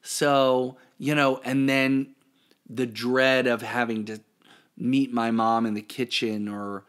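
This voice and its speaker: A man's voice: mid-range voice, little pitch movement, slow pace, a bit bright. A man talking casually as a podcast guest, self-deprecating and chatty, his sentences trailing off. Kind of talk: casual interview.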